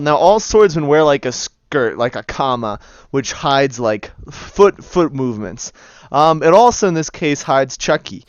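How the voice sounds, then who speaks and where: A man's voice: a little high, smooth, dry recording. A man narrating as game master of a tabletop game, casual and laughing often. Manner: casual, laughing, voices many figures.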